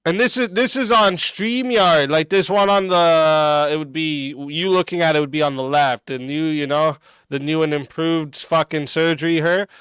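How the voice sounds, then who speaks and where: A man's voice: a little high, steady tone, normal speed, a bit bright, smooth, no room sound. A man streaming a reaction and ranting back at a clip, aggressive and mocking, cursing constantly. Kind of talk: profane reaction rant.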